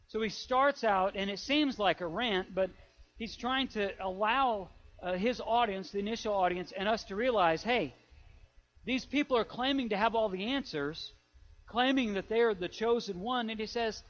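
A man preaching a conversational sermon as a pastor, reading scripture with animated emphasis. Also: high voice, moderate pace. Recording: dull lo-fi sound.

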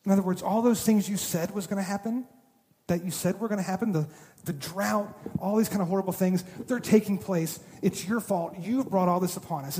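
A man with a high, mellow voice preaches a sermon, retelling the story with lively, acted-out quotes and a bit of humor. His voice carries a long reverb, as though he is in a large church sanctuary. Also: brisk. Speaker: pastor.

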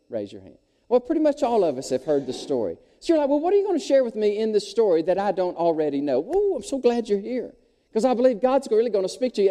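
Middle-aged man preaching, high lively voice, dark tone, long hall reverb. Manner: animated storyteller, audience call-outs. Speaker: pastor. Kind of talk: sermon. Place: church sanctuary, long reverb. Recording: echoey hall.

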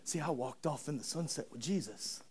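A preacher with a fairly high male voice tells his sermon like a story, animated and full of humor. He speaks conversationally, leaning in to the crowd he is addressing. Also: normal speed, slightly rough.

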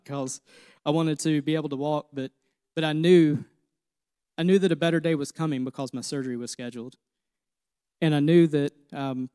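A man's voice: a little high, warm tone, no room sound, studio quality. A man in his thirties preaching a sermon, earnest and personal, repeating phrases as he tells his own story. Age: 30s. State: emotional, near tears. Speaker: pastor.

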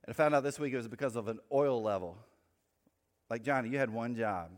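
A man's voice: medium pitch, a little hiss or hum. Man preaching in a reverberant hall. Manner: conversational, with quick asides and light humor. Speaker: pastor. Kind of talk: sermon.

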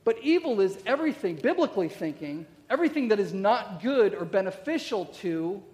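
A middle-aged man with a high voice preaches in a church, his words trailing off in a long hall reverb. His talk is loose and conversational, stacked with rhetorical questions and quick "okay?" check-ins. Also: big pitch swings, darkish tone. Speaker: pastor. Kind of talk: sermon.

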